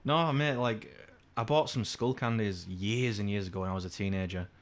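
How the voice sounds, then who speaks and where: A young man from England with a lowish voice, co-hosting a casual podcast. He rambles through his stories and swears freely, now and then jumping high to act out what someone said. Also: normal speed. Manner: swearing, rambling anecdotes, acts out quotes in a high voice. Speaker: podcast co-host. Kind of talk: casual chat.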